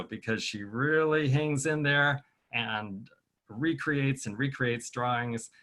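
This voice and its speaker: A man's voice: medium pitch, sharp tone. A man speaking unhurriedly to children over a video call, taking his time with every word. He is a children's author leading a storytime, and he breaks sounds apart patiently so the kids can copy him. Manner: patient, sounds words out slowly for kids to repeat. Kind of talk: teaching phrases and clapping rhythms to children.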